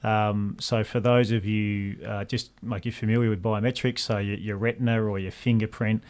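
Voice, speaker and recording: Man, low voice, eager tech explainer on a chat show. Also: little pitch movement, normal speed, darkish tone. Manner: enthusiastic, explanatory, many fillers. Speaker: guest, speech technology specialist. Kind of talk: casual panel chat.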